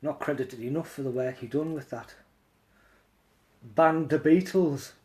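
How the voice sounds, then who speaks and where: Hoarse streamer, high croaky voice, slow delivery, faint guitar behind. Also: male voice. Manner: sings loudly, then mumbles low asides. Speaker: live streamer singing with guitar. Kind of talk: casual live stream with singing.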